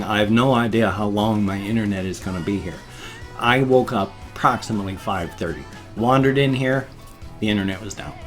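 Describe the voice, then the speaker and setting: A man in his fifties venting in an agitated rant during a casual daily vlog. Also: mid-range voice. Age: 50s. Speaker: vlogger.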